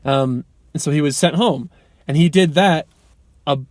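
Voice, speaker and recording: A man's voice: a little high, measured pace, a little mellow, no room sound, studio quality. A young man talking casually to camera in a vlog, earnest and motivational, rambling with many ums and restarts. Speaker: vlogger. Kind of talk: casual unscripted vlog talk.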